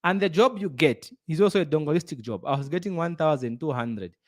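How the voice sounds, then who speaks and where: An earnest middle-aged man delivering a motivational talk with a preachy, repetitive style. His voice sits a bit higher than most men's, and he drives home each point by saying it again. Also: expressive, fairly quick. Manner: earnest, preachy, repeats phrases for emphasis. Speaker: business speaker.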